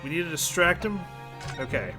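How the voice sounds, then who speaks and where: Man, casual let's-play commentary, fairly high and animated. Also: moderate pace. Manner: thinking aloud, chatty. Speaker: gaming channel host. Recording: game music behind voice.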